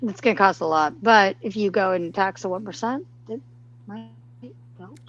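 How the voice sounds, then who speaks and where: A woman co-hosting a casual livestream chat, offering opinions and quick agreement. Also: mid-range voice, fairly bright tone, highs cut off, slight background noise. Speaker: co-host.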